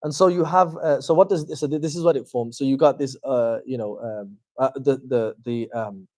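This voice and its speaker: A man giving an informal religious lecture as a teacher, animated and conversational, with frequent fillers and wry asides. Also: medium pitch, moderate pace, dry recording. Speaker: Islamic teacher giving a talk.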